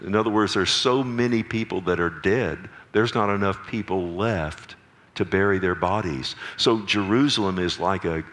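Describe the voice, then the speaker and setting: Low-voiced pastor preaching with emphasis. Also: male voice, normal speed, a bit bright. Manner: earnest, emphatic preaching with restarts and asides; jokes with the congregation. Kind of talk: sermon teaching.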